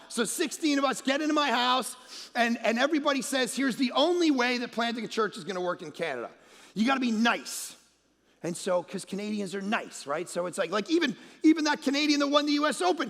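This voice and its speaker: Brief: male pastor, high gravelly voice, punchy comic delivery, big reverberant church hall. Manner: animated storytelling, shouts punchlines, mocks accents softly. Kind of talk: energetic comedic sermon. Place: large church auditorium.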